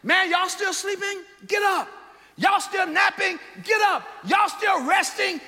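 A man preaching, voicing Jesus as he urgently shouts at his sleeping disciples to get up. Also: extremely high pitch, unhurried, a faint crowd, pitched above the performer's own voice, full character voice. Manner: shouted, repeated commands. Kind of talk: dramatized sermon quote. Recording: long hall reverb.

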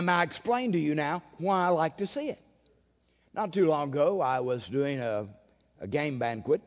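Male preacher with a fairly high voice, emphatic storytelling delivery, recorded lo-fi in a reverberant hall. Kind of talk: sermon. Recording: dull lo-fi sound with long hall reverb.

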